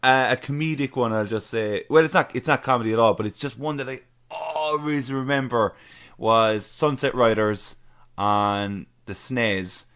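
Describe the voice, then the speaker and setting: A man's voice: mid-range voice, normal speed, a bit bright, smooth. A man co-hosting a podcast in casual chat, enthusiastic and gushing. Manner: enthusiastic, gushing about favourite lines. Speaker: podcast co-host.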